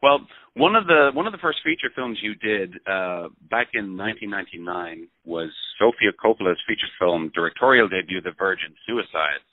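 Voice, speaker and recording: A man's voice: low-pitched, expressive, moderate pace, no echo. A man interviewing an actor, asking prepared questions and giving short acknowledgements. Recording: dry tinny phone-line audio.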